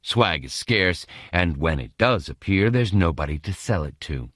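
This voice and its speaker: A man narrating an audiobook with an expressive, dramatic reading. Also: low-pitched, normal speed, dry recording, clean studio sound.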